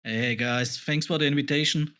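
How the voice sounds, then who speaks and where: A man's voice: on the high side, steady tone, normal speed, sharp tone. A man from Germany with a German accent, a friendly, polite guest on a gaming podcast.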